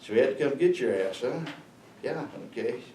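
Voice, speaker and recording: A man's voice: medium pitch, lively intonation, brisk, mellow, a little hiss or hum, voice pushed up, lightly acted. An older man voicing a sarcastic male boot camp drill instructor, recorded in a roomy space from a distance. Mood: sneering. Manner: sneering, sarcastic.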